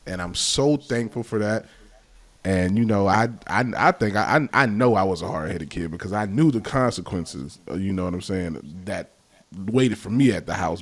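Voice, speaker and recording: A young man hosting a casual chat, telling family stories with animated bursts and mimicked calls. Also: low voice. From American South. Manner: animated storyteller, mimics relatives' shouts. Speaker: host.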